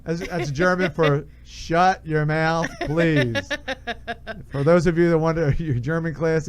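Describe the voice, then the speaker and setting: A man's voice: on the high side, fairly even intonation, a little slow. A man hosting a talk radio show, chatting casually and loosely with a joking manner. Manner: loose, joking, sings along.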